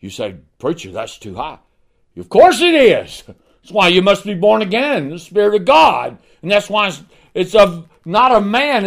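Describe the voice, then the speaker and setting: A man preaches a sermon, moving between hushed, low passages and ringing emphasis, using rhetorical questions and repeated refrains.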